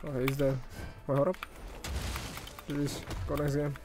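A man commentating his own fighting-game stream, excitable and swearing, yelling at big plays. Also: on the high side, normal speed, over music.

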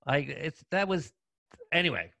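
Guy hosting a video call interview, kinda high voice, dry sound. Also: sing-song, a little slow, vocal fry, sharp tone, no echo. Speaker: interviewer, professor. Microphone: computer mic on a video call.

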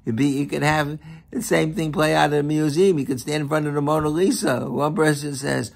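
A man giving a sermon as a rabbi, speaking in an animated, emphatic way and often repeating himself. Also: on the high side, fairly quick, vocal fry. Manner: animated, emphatic, with frequent repetition.

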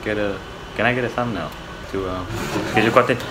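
A man's voice: on the low side, a little fast, crowd noise, poor audio. A young man giving casual, rambling commentary while playing a racing game, often swearing and restarting his sentences. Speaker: gamer.

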